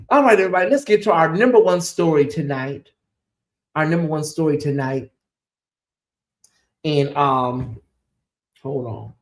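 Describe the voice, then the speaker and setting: A man's voice: a little high, unhurried, long pauses, bright, forceful tone. A man hosting a gossip show in casual commentary, sassy and chatty, calling his viewers y'all and honey. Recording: echoey room.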